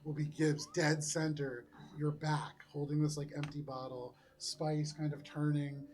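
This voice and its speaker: A man's voice: a little high, measured pace. Man narrating as game master. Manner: relaxed descriptive narration with fillers.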